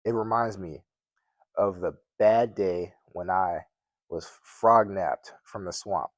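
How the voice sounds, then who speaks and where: A man with a very low voice reads a children's chapter book aloud, plain and unhurried, now and then stumbling and restarting a word. The sound is dry and close, with no room echo. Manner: plain reading with occasional slips and restarts. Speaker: mystery guest reader.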